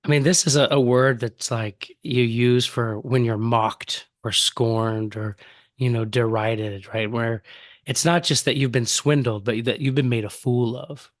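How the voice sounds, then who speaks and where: A man's voice: medium pitch, steady tone, unhurried, no room sound, clean studio sound. A male professor teaching a Bible study, reading a passage aloud and then explaining a word in a casual way, thinking aloud as he searches for the right term.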